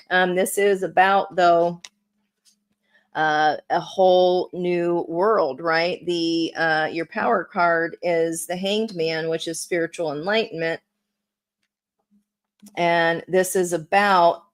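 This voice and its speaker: Woman doing a live tarot reading, talks slow, chatty, cheers u on, lots of um and uh. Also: on the low side. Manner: chatty, encouraging, slow-paced with fillers. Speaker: tarot reader.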